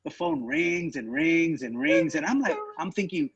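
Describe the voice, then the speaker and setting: A man's voice: fairly high pitch, expressive, normal speed, lo-fi sound, noisy background. A man co-hosting a podcast, telling a rambling story in casual chat, with lots of "you know" and "right?". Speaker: podcast co-host.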